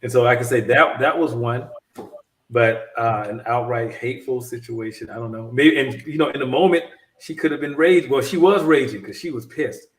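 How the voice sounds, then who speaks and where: A man telling a long story in casual chat, animated and rambling, often restarting his sentences. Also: medium pitch, moderate pace, roomy sound, distant mic. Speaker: podcast co-host.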